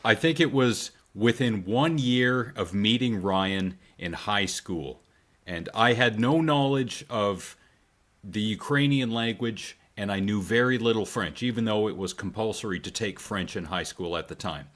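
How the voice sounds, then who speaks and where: Low-voiced man chatting, rambling and hesitant. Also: unhurried. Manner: rambling, hesitant, trails off quietly. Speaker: podcast co-host. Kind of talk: casual chat.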